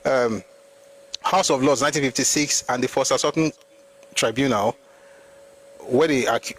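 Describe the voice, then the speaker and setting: Hosting a live history talk, a Nigerian-accented man argues forcefully at a mid pitch, firing off rhetorical questions and answering them himself. The recording is rough, with faint noise beneath his voice.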